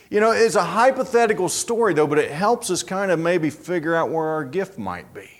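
A man preaching a sermon, telling a story in an animated, dramatic way. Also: sits high, brisk, hardly any pauses.

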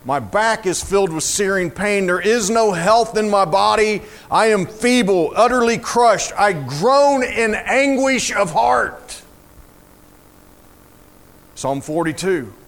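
A man preaching a sermon, reading scripture aloud in a slow, fervent way that rises to emotional emphasis. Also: high-pitched, expressive, a bit bright.

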